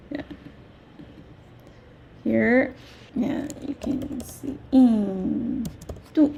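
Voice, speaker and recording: Slow gravelly-voiced woman teacher. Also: a little high, dark tone, dull audio. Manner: repeats words slowly, checks with "okay?". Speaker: Chinese language teacher. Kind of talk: slow, patient language lesson.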